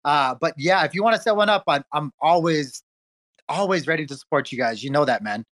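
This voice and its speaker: Hyped man with a high voice. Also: lively intonation, a little fast, fairly bright tone. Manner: hyped, repetitive, friendly, swears casually. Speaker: community event organizer. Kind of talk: casual group audio chat.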